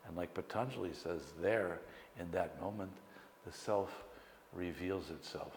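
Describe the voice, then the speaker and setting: A very deep-voiced man leads a guided meditation lecture, slow and calm, pausing between phrases. His voice rings through an echoey hall with a long reverb tail. Faint room ambience sits underneath. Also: slight background noise. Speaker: meditation teacher.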